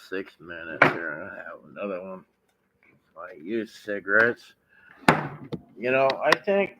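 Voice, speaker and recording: A fairly low-voiced man vlogs live from his kitchen and porch, rambling casually in a folksy Southern drawl and switching to baby talk for his dogs. The recording cuts off the highs and carries room echo with faint background noise.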